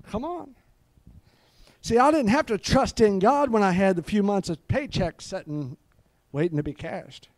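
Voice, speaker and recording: Middle-aged male preacher, fervent and exclamatory, slightly high-pitched, dry sound. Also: a little slow, no room sound. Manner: fervent, peppered with hallelujahs. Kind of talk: live sermon.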